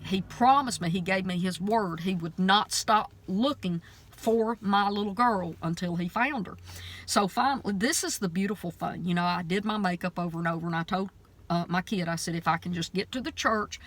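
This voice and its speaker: Middle-aged lady preaching at her phone between errands, low-ish voice, fervent and emphatic. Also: a bit bright. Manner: earnest, emphatic, preachy storytelling. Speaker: preacher and vlogger. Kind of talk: casual faith vlog monologue. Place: out running errands between stores.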